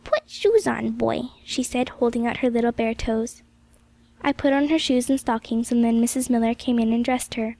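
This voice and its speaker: A woman narrates a classic novel as an audiobook, gentle and measured. Her voice sits high and the recording is close and dry, with no room sound. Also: level tone, dry recording. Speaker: audiobook reader.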